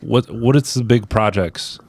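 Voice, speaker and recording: A man's voice: on the low side, unhurried, gravelly, a little mellow, no room sound. A man co-hosting a podcast, chatting casually and cracking crude jokes. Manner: crude, joking. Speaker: podcast co-host. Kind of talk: casual chat.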